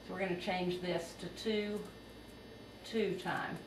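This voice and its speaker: Female music teacher, patient and methodical, slow delivery, distant mic in a roomy, noisy space. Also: fairly low pitch, fairly even intonation. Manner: patient, step-by-step explaining. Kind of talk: music theory lesson.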